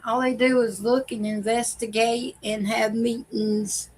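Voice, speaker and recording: A woman's voice: fairly high pitch, level tone, a little slow, darkish tone, a little hiss or hum, low-quality recording. A woman hosting a casual reaction vlog, telling family stories in a chatty way and laughing often. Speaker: video host.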